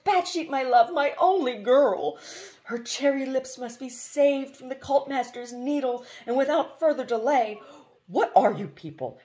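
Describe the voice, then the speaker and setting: A woman's voice: medium pitch, darkish tone, pitched above the performer's own voice. A woman voicing a stubborn, lovesick young prince who pleads and protests dramatically in a storybook reading.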